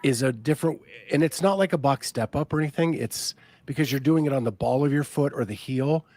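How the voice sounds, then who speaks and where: A man's voice: medium pitch, brisk, dry recording. Chatty man reading sponsor spots. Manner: chatty, relaxed, with frequent ums. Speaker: podcast host. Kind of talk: casual chat and sponsor reads.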